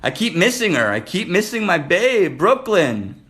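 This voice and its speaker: A man's voice: high voice, big pitch swings, a little slow, fairly bright tone, soft background music. A man hosting a casual live stream, flirting playfully and calling out viewers by name. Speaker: livestream host reading viewer comments.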